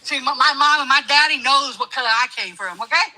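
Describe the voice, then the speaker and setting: A woman with a high, ringing, very bright voice talks politics in a heated chat. She preaches and mocks, hammering her points home through repetition. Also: fairly quick, low-quality recording. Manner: emphatic, preachy, mocking, repeats herself. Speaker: guest commentator.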